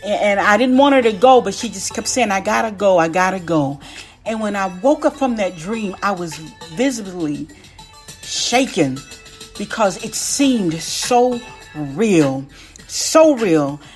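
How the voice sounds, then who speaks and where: Brief: middle-aged woman, spiritual testimony, slow and emotional, repeats her lines, soft music behind. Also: mid-range voice, animated. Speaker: inspirational speaker.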